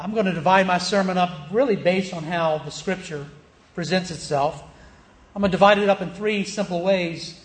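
A man with a notably high voice delivers a sermon as a pastor. He reads scripture aloud, leans hard on key words and keeps asking his listeners short questions. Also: echoey room. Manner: emphatic, stretches key words, checks in with rhetorical questions.

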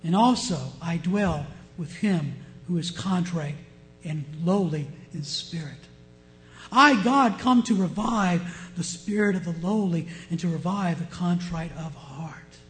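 A man with a notably high voice preaches a sermon, his delivery climbing to loud emphatic peaks before dropping to hushed asides. He keeps turning to the congregation with rhetorical questions. Faint music plays softly beneath him. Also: a little slow, rough recording. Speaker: pastor.

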